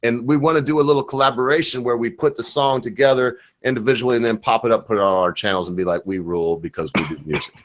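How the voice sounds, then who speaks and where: A man's voice: medium pitch, quick pace, few pauses. Give me a tipsy man from Michigan hosting a loose, crude livestream chat. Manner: crude, rambling, joking. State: drunk. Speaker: livestream host.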